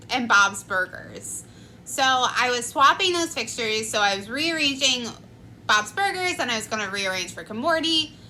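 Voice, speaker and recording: Slow, bright-voiced young woman. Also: sits high, slight background noise, poor audio. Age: 20s. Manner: chatty, many "like" fillers. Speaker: vlogger. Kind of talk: casual storytime.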